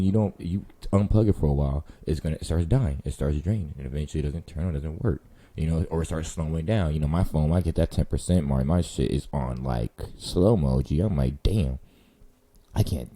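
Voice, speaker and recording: His voice sits low and mellow. The man hosts a vlog, addressing the listener head-on with rambling, slang-heavy, profane chatter in a casual monologue to camera.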